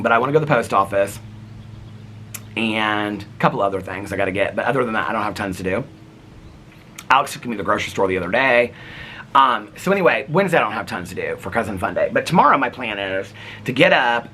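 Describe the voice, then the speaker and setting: Animated, rambling man vlogging. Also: fairly low pitch, quick pace, slight background noise. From United States. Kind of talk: casual daily vlog chat.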